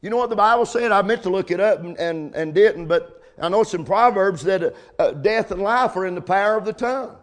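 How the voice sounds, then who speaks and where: High-voiced preacher man. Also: brisk, hardly any pauses. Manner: preaching with call-outs of amen and come on now. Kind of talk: sermon.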